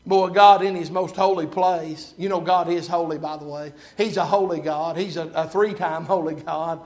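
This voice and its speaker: A man delivering a sermon in a notably high voice. He climbs to loud, emphatic runs, then sinks into hushed, low-pitched stretches. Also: fairly even intonation, normal speed. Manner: swings from loud preaching to hushed low tones. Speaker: preacher.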